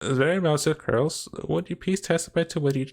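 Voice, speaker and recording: A man voicing a stern, formal judge who speaks in measured courtroom phrasing. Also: a little high, vocal fry. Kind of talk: voice acting a game's dialogue.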